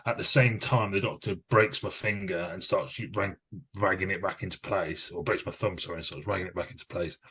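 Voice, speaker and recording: A man, co-hosting a podcast and telling an anecdote in a lively, self-mocking way. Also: low voice, brisk, husky. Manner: lively anecdotal storyteller, laughs at himself. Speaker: podcast co-host. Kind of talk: casual chat, storytelling.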